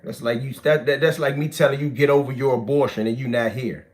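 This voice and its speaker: A man, telling prison stories in animated, profane street talk that swings from shouts to low mutters. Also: quick pace.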